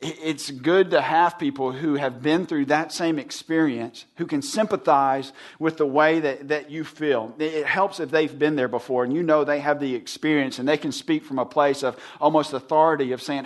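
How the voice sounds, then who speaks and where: A man in his thirties preaching a sermon, telling a personal story in an earnest, casual way, dropping low and soft when he quotes words of comfort. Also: steady tone, moderate pace, hardly any pauses. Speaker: pastor.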